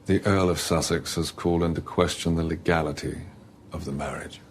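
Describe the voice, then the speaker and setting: An actor playing a stern, formal ship's captain who speaks in a measured, authoritative way in a TV drama. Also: male voice, deep voice, steady tone, slight background noise, natural voice. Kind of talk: TV drama acting.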